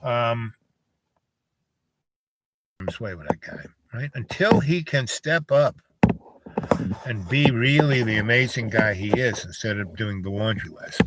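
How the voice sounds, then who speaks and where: A man's voice: fairly low pitch, expressive, a little slow, pauses often. A man telling a long, meandering story in a casual monologue, full of fillers and side remarks. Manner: meandering, many fillers and asides. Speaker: vlogger. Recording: noisy with clicks.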